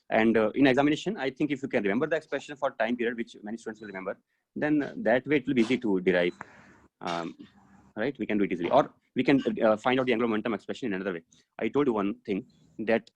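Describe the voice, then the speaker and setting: A man's voice: mid-range voice, fast. A man teaching physics in a live online class over a video call, explaining step by step and thinking aloud with many fillers.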